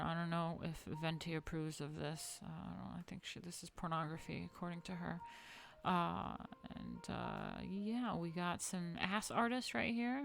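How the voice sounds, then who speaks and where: A woman's voice: fairly low pitch, gravelly, fairly bright tone. Playful, swearing woman chatting about art. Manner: playful, swears freely, mutters asides. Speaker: art history host. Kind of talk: casual art history chat.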